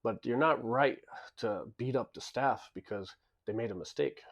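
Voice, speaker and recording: A man's voice: medium pitch, moderate pace. A man who owns a club tells stories in a casual monologue, blunt and emphatic, often repeating words as he restarts sentences. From lives in Japan. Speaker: club and bar owner.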